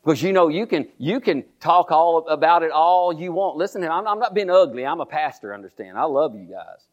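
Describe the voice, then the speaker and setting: A man's voice: fairly high pitch, expressive, moderate pace. An older pastor delivers a sermon, circling back over phrases and asking listeners to repeat after him. His sentences stop and restart often. The recording is dull and lo-fi. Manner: repetitive call-and-response preaching with many restarts.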